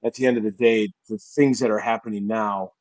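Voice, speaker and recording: A man's voice: lowish voice, fairly even intonation, a little fast, darkish tone, dry recording, poor audio. A man co-hosting a casual podcast chat, blunt and joking. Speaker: podcast co-host.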